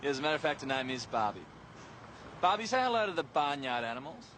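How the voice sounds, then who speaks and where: A cheeky Australian wisecracker. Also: male voice, on the high side, sing-song, fast talker, a bit bright, slight background noise. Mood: sarcastic. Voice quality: sarcastic. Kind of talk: TV drama acting.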